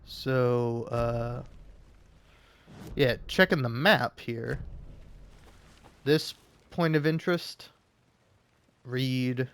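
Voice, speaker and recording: A man's voice: medium pitch, fairly bright tone, smooth. A man rambling casually from home while playing a game, swearing and laughing often. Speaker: let's play host. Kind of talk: casual gaming commentary.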